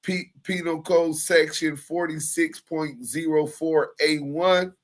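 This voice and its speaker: A man's voice: on the high side, fairly even intonation, slow. A man on a casual livestream, reading court papers and emails aloud in a laid-back way, chuckling often. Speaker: livestream commentator.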